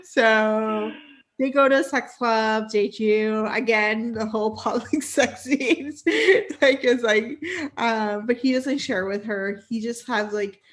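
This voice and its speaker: An animated woman hosting a podcast, chatting about books with a slightly high voice. She talks casually and laughs as she goes. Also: slow. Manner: animated, laughs while telling stories. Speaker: podcast host.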